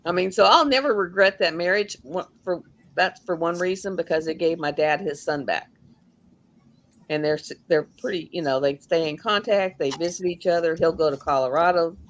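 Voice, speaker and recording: A woman's voice: lowish voice, moderate pace. A woman hosting a livestream, telling rambling, folksy stories in casual chat. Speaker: livestream host.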